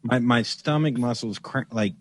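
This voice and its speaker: A man's voice: mid-range voice, normal speed, no echo. A man as a podcast guest, telling a funny anecdote in casual chat and acting out the voices in it. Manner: animated, acts out voices in anecdotes. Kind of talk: casual comedic storytelling.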